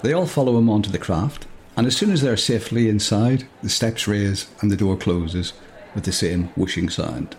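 A man's voice: lowish voice, normal speed, darkish tone. A man reading a comic story aloud, breaking off often to joke and laugh. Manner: jokey, laughs often, digresses. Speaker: storyteller and podcast host.

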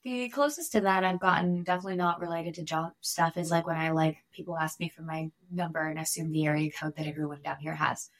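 Woman cohost with a really low voice, blunt and frank, dry close mic. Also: steady tone, fast, hardly any pauses, no echo. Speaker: podcast co-host. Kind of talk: casual chat.

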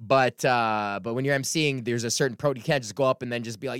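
A stand-up comic in his thirties hosts his own podcast, talking in a loose, profane, rambling rant. His voice is smooth and clear, and the recording is close and dry. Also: mid-range voice, fast talker, no room sound. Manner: profane, rambling, animated impressions. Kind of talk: casual ranting monologue.

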